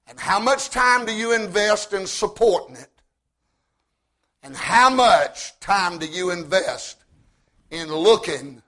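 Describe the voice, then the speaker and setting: A man preaching a sermon in a folksy, joking way, repeating words as he builds up and rising to shouts at his high points. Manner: repeats words when starting sentences.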